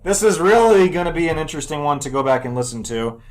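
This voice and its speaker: A man's voice: fairly high pitch, expressive, quick pace. Stammering young man hosting a podcast. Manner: laughs often, stammering restarts. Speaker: podcast host. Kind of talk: casual chat.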